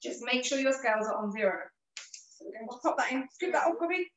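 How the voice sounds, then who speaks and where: Hosting a live online cooking class from her kitchen, a woman with a high, fairly bright voice gives patient, encouraging instructions at a quick, expressive pace. Her throat sounds a bit rough and she coughs now and then. She's far from the mic in a roomy space, so the sound is dull and muffled, with a little hiss or hum.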